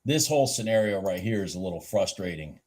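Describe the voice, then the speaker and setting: Excitable man narrating live trades. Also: low voice, fast talker, husky. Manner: excitable, thinks aloud with many restarts. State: a bit out of breath. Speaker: livestream day trader. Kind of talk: casual live trading commentary.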